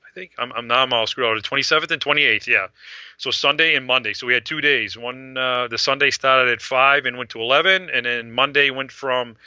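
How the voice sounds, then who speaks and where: A middle-aged man who organizes fan events, telling a rambling, animated story in casual talk and acting out the voices of people he quotes. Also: mid-range voice, dry recording, lo-fi sound.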